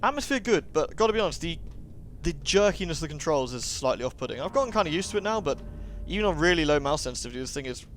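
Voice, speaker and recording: A man's voice: fairly high pitch, very animated, fast, a little hiss or hum. A man giving jokey, sarcastic commentary while playing a horror game. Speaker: gaming commentator. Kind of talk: let's play commentary.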